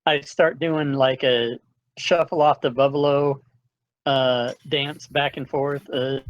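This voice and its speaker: A man's voice: medium pitch, steady tone, takes it slowly, no echo, dull audio. A man joking around as a player in a tabletop game, goofy and playful.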